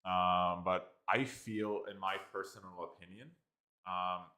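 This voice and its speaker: Brief: deep-voiced Irish man, casual tech reviewer, hesitant and mumbling. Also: steady tone, a little slow, sharp tone, roomy sound. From Ireland. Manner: hesitant and mumbling, thinking aloud with many fillers. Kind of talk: casual screen-recorded software walkthrough.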